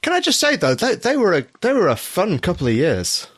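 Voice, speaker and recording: A man's voice: sits high, wildly swooping pitch, a little fast, fairly bright tone. A man who is a podcast guest, chatting with jokey, dry asides and trailing restarts. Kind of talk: casual chat.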